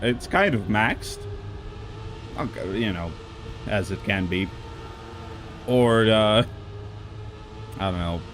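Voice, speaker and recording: A man with a voice on the low side comments casually on racing game records during a live stream, with slight background noise. He rambles with lots of fillers and coughs now and then.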